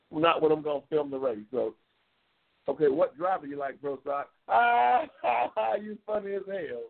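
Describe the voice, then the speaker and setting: A man hosting a casual live-stream chat, loose and excitable, repeating himself and reading viewer comments. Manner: loose, excitable, repeats himself, bursts into high-pitched race calling. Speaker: talk show host reading viewer comments. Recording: tinny phone-like lo-fi audio.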